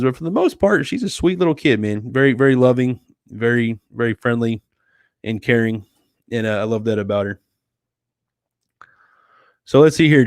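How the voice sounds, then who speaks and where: On a late-night livestream from his home, a friendly, easygoing man from the United States goes through chat comments, addressing people as "dude" and "sweetie." He speaks at a normal speed but leaves long pauses, and his middle-pitched voice sounds close, dry, and echo-free.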